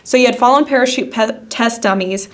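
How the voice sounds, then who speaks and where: A woman's voice: on the high side, fairly quick. A woman co-hosting a podcast in casual chat, skeptical and sarcastic. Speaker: podcast co-host.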